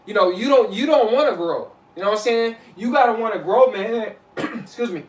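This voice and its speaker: A man's voice: high-pitched, a little fast. Echoey casual man giving spiritual advice. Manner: loose, repetitive, keeps saying "you know what I'm saying". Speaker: vlogger. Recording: echoey room, mic at a distance.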